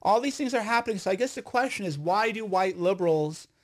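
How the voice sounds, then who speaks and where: A man, an online commentator, telling stories in a loud, rambling, emphatic monologue full of restarts. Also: high-pitched, animated, a little fast. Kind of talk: casual storytelling monologue.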